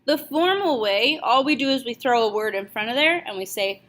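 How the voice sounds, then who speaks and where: A young woman teaching a French lesson, speaking clearly and slowly repeating each phrase. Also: fairly high pitch, animated, a bit bright. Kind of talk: video language lesson.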